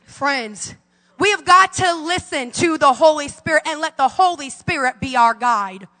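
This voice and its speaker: A woman's voice: sits high, lively intonation, measured pace, bright, forceful tone, big-room sound, soft background music. A woman in her forties preaching a fervent sermon as pastor, calling out to her congregation in a church sanctuary. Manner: fervent preaching with call-and-response.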